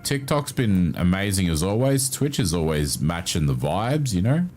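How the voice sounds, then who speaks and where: A man's voice: low voice, very animated, normal speed, a little mellow, soft background music. A man livestreaming, chatting casually with his viewers and reacting to their messages with laughs and swearing. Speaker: livestreamer reading chat.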